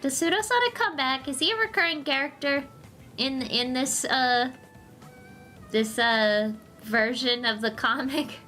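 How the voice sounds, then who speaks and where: A woman's voice: high-pitched, unhurried, sharp tone, soft background music. A woman streamer reading comics aloud on a casual livestream, tossing in joking asides and giggles.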